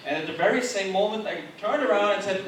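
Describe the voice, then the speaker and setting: A man's voice: high voice, fast talker. A man recounting a funny convention anecdote on a panel, laughing as he talks. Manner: laughing, lively storyteller. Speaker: convention staff. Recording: echoey hall from far off, noisy.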